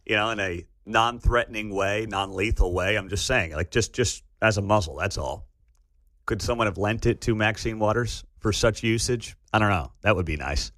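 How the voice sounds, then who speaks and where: A man's voice: fairly low pitch, moderate pace, no room sound. A man hosting a talk radio show, delivering sarcastic commentary from a studio. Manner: sarcastic, lively. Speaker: radio host. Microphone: studio microphone.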